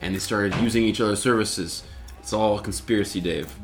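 Wry low-voiced man. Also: fairly quick, soft background music. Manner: wry, conspiratorial. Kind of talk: casual chat.

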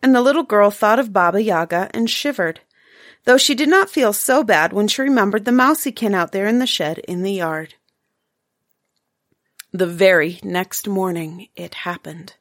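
A woman reading a fairy tale aloud as storyteller, gentle and measured. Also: medium pitch, no echo, clean studio sound.

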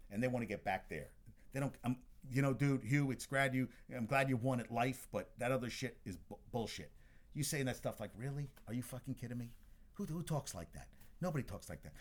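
A medium-pitched man hosts casual sports talk, running through the news in a blunt, opinionated way and swearing freely.

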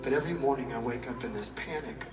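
A man with a mid-range voice talks fast on stage as a motivational speaker, telling a candid, confessional personal story and swearing now and then. It's recorded from far off in an echoey hall with loud music.

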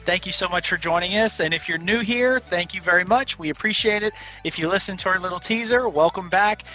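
A man's voice: high-pitched, fairly quick, pushed and bright, soft background music, low-quality recording. A man hosting a podcast in upbeat, joking casual chat, laughing easily. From Louisiana. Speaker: podcast host.

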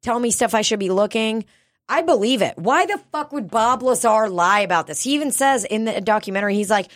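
A woman co-hosting a podcast in casual chat, swearing a lot, excitable and quick to laugh. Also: a little high, no room sound, clean studio sound. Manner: profane, excitable, laughs often. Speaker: podcast co-host.

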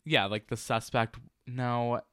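Brief: bright, sharp-toned co-host, loose and rambling, tight dry recording. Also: medium pitch, flat delivery, slow pace, clean tone, dry recording. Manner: rambling, searching for words, many "like" fillers. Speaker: podcast co-host. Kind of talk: casual chat.

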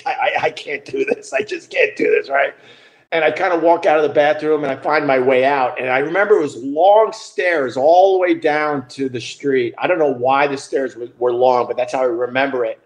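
Profane storytelling man, higher voice. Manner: loose and profane, with frequent restarts and laughter. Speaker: podcast host. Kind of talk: casual storytelling.

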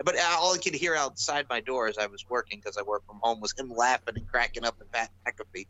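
A young man co-hosts a casual podcast, talking in a loose, rambling way and often sounding exasperated. His voice is bright and forceful, and he keeps restarting his sentences. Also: medium pitch, fast, few pauses, low-quality recording. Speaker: podcast co-host. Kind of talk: casual wrestling podcast chat.

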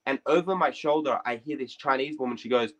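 A young man hosting a podcast, telling a story in a rambling, sweary, animated way. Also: medium pitch, a little fast, low-quality recording. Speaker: podcast host. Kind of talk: casual storytelling.

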